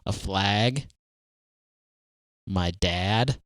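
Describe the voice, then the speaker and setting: A man with a smooth, resonant voice and a fairly low pitch trades wry, joking remarks with his co-host. He talks in easy, casual chat. The recording is close and dry. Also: drawn-out words, no echo. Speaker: podcast co-host.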